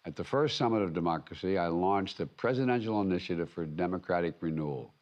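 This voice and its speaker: An older American man delivering a formal prepared speech as head of state, emphatic and measured, often restarting and repeating words. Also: low-pitched, lively intonation, a little mellow, muffled recording. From United States. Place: conference venue.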